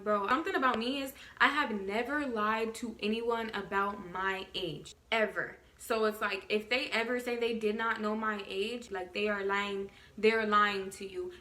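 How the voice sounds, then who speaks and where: A young adult woman vlogger telling a story in casual storytime style, quick, animated and full of swearing. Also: mid-range voice. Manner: rapid, profane, animated storytelling.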